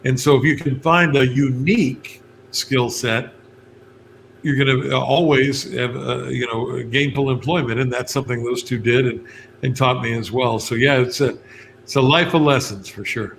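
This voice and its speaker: A bright, forceful man from West Virginia tells homespun stories as a talk show guest. He keeps a relaxed, anecdotal manner with easy laughs, over a faint hiss of background noise. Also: medium pitch, moderate pace, creaky. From West Virginia, USA. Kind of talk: radio interview chat.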